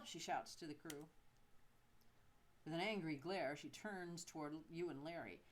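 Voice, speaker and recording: A woman's voice: low voice, measured pace, pauses often. A woman from the United States reading out an adventure game in playful narration, with wry asides.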